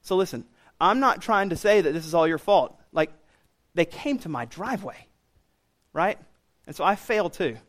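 Pastor guy preaching, kinda high voice, gets loud and lively acting out what others say. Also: normal speed. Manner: animated, rising loud when quoting others. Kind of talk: sermon.

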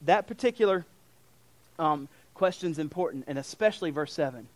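A young adult man, a pastor, preaching a sermon in an animated way, acting out quoted voices with fillers and restarts. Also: a little high, moderate pace, no room sound.

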